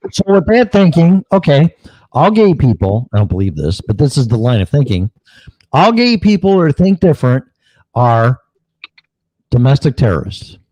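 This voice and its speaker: Blunt mocking man, lively and dry. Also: mid-range voice, normal speed, no room sound, rough recording. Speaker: co-host. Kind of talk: angry political rant.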